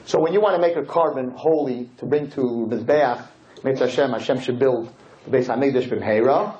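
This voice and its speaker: A man teaching a class as a rabbi, telling stories in an animated, joking way and acting out the scenes. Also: medium pitch, normal speed, crowd noise. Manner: animated, jokey, acts out scenes. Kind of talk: lively storytelling lesson. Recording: dull lo-fi with faint noise.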